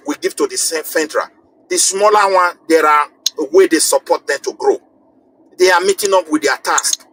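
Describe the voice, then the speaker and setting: A man's voice: on the high side, a bit bright, slight background noise, rough recording. A man from Nigeria, calling into a live show to deliver impassioned political commentary. He talks emphatically, often repeating and restarting phrases as he builds his point. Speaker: call-in guest.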